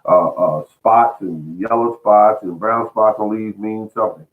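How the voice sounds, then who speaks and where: A man with a fairly low voice talks through gardening advice in a folksy, earnest manner. He repeats words and restarts his sentences as he goes. The sound is thin and tinny, like a phone line. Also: a little slow. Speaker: host of a home gardening show. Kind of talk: casual spoken gardening advice.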